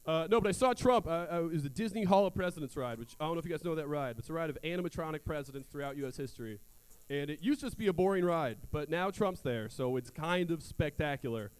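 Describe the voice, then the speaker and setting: A man's voice: a little high, expressive, quick pace, clean tone. A young man doing a stand-up comedy set on a theater stage, crude and self-mocking in a loose, conversational way.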